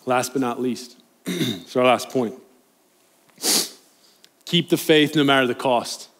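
A man's voice: mid-range voice, slow pace, a bit bright. A young man, a youth pastor, preaching a sermon in a church in an earnest, conversational way, pleading and rising in emphasis. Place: church sanctuary, live congregation.

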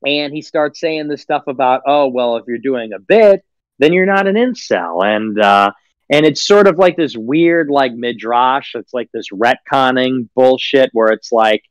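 A man's voice: medium pitch, animated, unhurried, clear, resonant tone, dry recording. A man in a casual stream chat, talking with profanity and sarcasm and mock-acting other people. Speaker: streamer guest.

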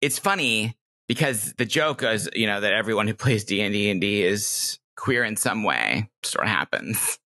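A woman's voice: rumbling low, animated, moderate pace, pushed and bright. A woman guest speaking in a podcast interview, candid and reflective, with a nasal, self-made Californian-Midwestern accent. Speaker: guest, game designer.

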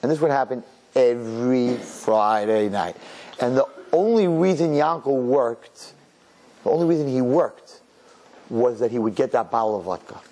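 Animated man telling a sermon story. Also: mid-range voice, normal speed. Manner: animated storyteller acting out characters, Yiddish and Hebrew words. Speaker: rabbi.

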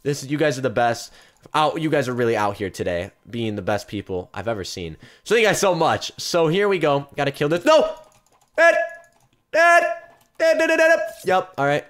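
A young man giving live commentary on his game stream, chatting straight to his viewers and breaking into loud yelps and shouts. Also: mid-range voice, sing-song, brisk. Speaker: gaming streamer.

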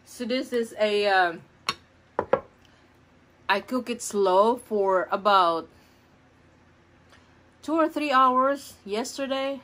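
A woman's voice: on the high side, extremely slow, long pauses, a bit bright, a little hiss or hum. A middle-aged woman eating on camera at home, murmuring between bites and gushing about her food. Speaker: food vlogger. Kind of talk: mukbang eating vlog. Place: home kitchen.

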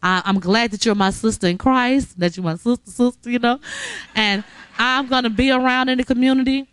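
Brief: woman, heartfelt preacherly tribute, fairly high voice, dry close sound. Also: fairly even intonation, a little fast, a bit bright, clear, resonant tone, dry recording. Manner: emotional, encouraging, preacherly. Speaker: recovery center staff member giving award. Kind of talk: heartfelt address to a graduate.

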